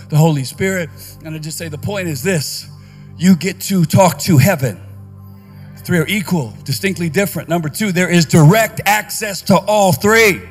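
Male pastor, high voice, energetic conference sermon, faint music underneath. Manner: energetic preaching, rising to shouts. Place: conference stage.

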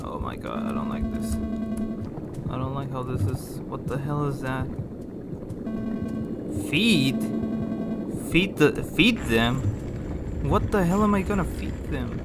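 A man's voice: medium pitch, takes it slowly, pauses often, over loud music. A man giving nervous running commentary while playing a horror game, repeating himself and swearing as he goes. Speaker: gaming YouTuber.

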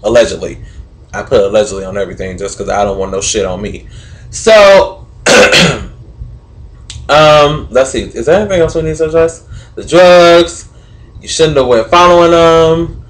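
A man's voice: a little high, moderate pace, long pauses, fairly bright tone. A young man giving sarcastic, opinionated commentary to camera, swearing freely and asking questions he answers himself. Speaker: vlogger.

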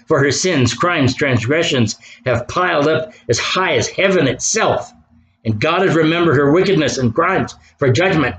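A man with a fairly high voice preaches with impassioned fervor, reading long scripture passages aloud and stressing them. A faint hiss of noise sits under the recording. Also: animated, normal speed, low-quality recording. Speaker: pastor. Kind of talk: sermon.

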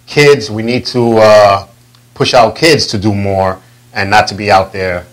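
A man hosting a casual interview show, animated and acting out quotes in a loud voice. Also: on the low side, measured pace, low-quality recording. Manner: animated, acts out quotes loudly. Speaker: talk show host.

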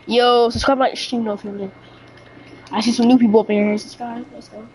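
High, excitable young streamer woman. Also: brisk, a little hiss or hum, rough recording. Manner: excitable, slangy, talks to chat. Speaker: game streamer. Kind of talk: casual livestream chat while gaming.

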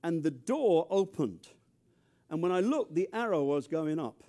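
An older man with an English accent, from near London, delivers a sermon in a high, lively voice. He preaches with humor and bursts of loud emphasis, then drops into low, quiet asides. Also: a little slow. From England. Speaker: pastor.

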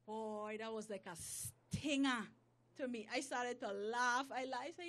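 High-voiced woman giving a lively testimony. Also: unhurried, a little hiss or hum. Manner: animated storytelling, acts out prayers in dialogue; informal grammar, drops verb endings. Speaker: motivational speaker. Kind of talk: motivational church talk.

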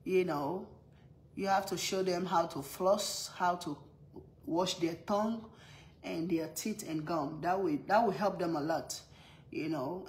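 A mother with a strong non-native accent chats casually on a live stream, laughing often and greeting viewers by name. Her voice is on the low side with a darkish tone, and the rough recording has a little hiss or hum.

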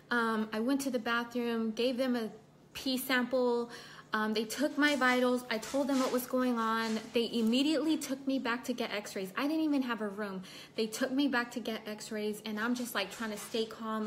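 A woman's voice: a little high, fairly bright tone, slight background noise. A young woman chatting casually on a home livestream, telling a personal story and stopping to greet and thank viewers. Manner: chatty, reads viewer comments aloud. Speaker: livestream host. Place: at home indoors.

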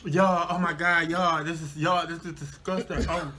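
High-voiced young man hyping a vlog. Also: fairly even intonation, normal speed, a crowd in the background. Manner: teasing, hyping and cheering on his partner. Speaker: vlogger and challenge partner. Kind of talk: casual vlog banter. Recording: home video with clear background noise.

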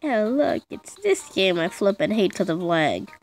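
A woman's voice: medium pitch, big pitch swings, measured pace, darkish tone, faint music behind. Chatty girl narrating her gameplay. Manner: chatty, teasing, talks back to the game. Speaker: gamer. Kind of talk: casual gameplay commentary.

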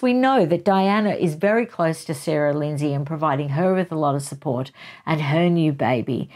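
A woman's voice: on the low side, darkish tone. A woman hosting a casual book chat, retelling chapters in a chatty way with asides and little laughs. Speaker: book channel host.

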